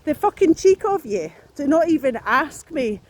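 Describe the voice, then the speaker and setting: A woman's voice: high-pitched, sing-song, normal speed, a little mellow. Breathless woman walking and ranting to her phone, rambly, sweary, lots of restarts. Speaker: vlogger. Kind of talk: casual talk to camera.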